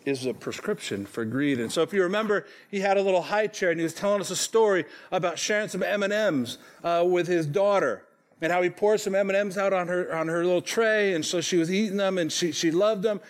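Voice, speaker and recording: A pastor in his forties preaches to his congregation with a high voice and an easy, conversational delivery. He pokes fun at himself and keeps checking in with "okay?" as he talks. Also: a little fast. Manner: conversational, self-deprecating, frequent "okay?" check-ins. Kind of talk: sermon. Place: church sanctuary.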